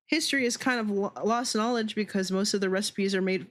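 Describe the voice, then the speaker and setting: A woman's voice: medium pitch, fairly quick. A woman VTuber streamer in casual chat, ranting with lots of swearing and laughing often.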